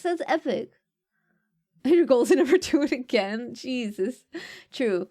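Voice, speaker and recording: High-voiced playful young woman streamer. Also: lively intonation, normal speed. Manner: playful, jokey, laughs often. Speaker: VTuber streamer. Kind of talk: casual chat reading viewer comments.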